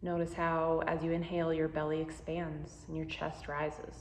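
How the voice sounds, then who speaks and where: A woman guiding a meditation, speaking slowly and gently with soothing instructions. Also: low-pitched, completely flat delivery, reverberant. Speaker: meditation guide. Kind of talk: guided meditation.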